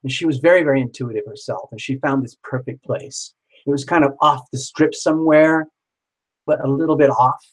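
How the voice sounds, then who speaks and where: A man telling a personal story in a casual, animated way, swearing freely and acting out the other people in it. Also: mid-range voice, brisk, low-quality recording. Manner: animated, swears casually, acts out quoted voices.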